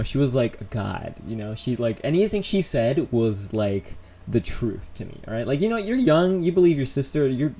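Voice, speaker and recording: Young man, live-stream vlogger, mellow dark voice, rambling, animated, lots of fillers. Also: mid-range voice. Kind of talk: casual live-stream storytelling.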